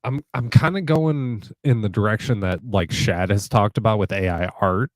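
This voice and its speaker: A lower-pitched man talks in a loose, rambling way and often stops and restarts his sentences. The sound is dry and close, with little room echo. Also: normal speed. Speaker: guitar player guest. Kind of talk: casual conversation.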